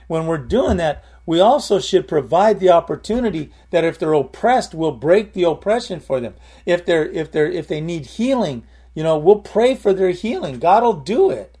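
A man's voice: fairly high pitch, a little mellow. A man preaching informally, telling a story in a rambling way and often repeating his words.

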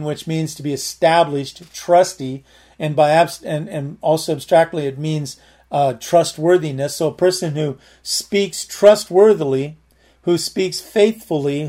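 Man, preacher, sermon, earnest, repetitive, slightly high voice. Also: unhurried, darkish tone. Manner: earnest, repetitive, explains word meanings step by step. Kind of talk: sermon Bible teaching.

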